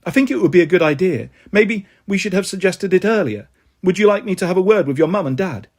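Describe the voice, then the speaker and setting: A man's voice: sits high, lively intonation, fast talker, a little mellow. A man voicing a concerned, persistent school librarian woman who speaks carefully and coaxingly, read in a storybook.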